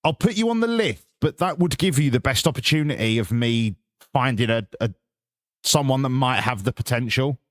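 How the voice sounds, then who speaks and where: A man's voice: medium pitch, lively intonation, moderate pace, no echo. An English man live-streams a football management game, ribbing his viewers and swearing freely as he chats. His voice sits in a middle range. The sound is dry and close, with no room around it. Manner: swearing, banter with chat. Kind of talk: casual live-stream chat.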